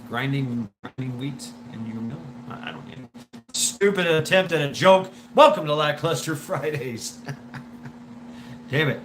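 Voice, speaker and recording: Rambling man, stammers and swears, wheezy smoker's voice, steady hum behind. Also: on the high side, a little slow, poor audio. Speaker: livestream host. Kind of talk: casual chat reading viewer comments.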